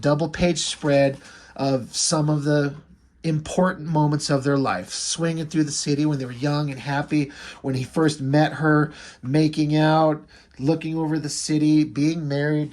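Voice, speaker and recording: Enthusiastic, blunt comic book reviewer. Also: male voice, a little high, darkish tone, slight background noise. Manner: enthusiastic, blunt, swears casually. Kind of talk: casual comic recap.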